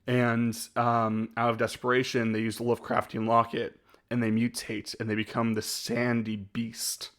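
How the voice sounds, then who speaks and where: A man talks loosely on a live stream, working through a ranking of his own videos. He hesitates and restarts often, breaking into short laughs, and his voice sits at an ordinary middle pitch. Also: monotone, normal speed. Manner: rambling and hesitant, with frequent laughs. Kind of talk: casual live-stream chat.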